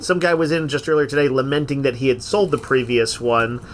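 A man's voice: mid-range voice, fairly even intonation, a little fast, slight background noise. A man co-hosting a casual podcast, talkative and enthusiastic in a loose, informal way. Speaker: podcast co-host. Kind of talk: casual chat.

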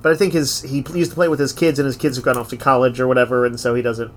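A man's voice: medium pitch, level tone, rapid-fire. A man co-hosting a casual podcast, talkative and enthusiastic in a loose, informal way. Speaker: podcast co-host. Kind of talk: casual chat.

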